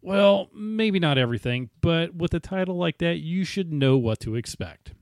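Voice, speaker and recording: A man's voice: a little high, expressive, normal speed, dry recording. A man casually reviewing a movie for his podcast, chatty and conversational.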